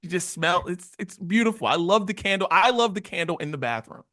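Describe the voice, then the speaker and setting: A man co-hosting a podcast in casual chat, his voice sitting a bit high and sounding bright and forceful. He tells stories in an animated way and acts out little quoted exchanges. The recording is dry and close. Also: a little fast, dry recording. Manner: animated storytelling with acted-out quotes. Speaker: podcast co-host.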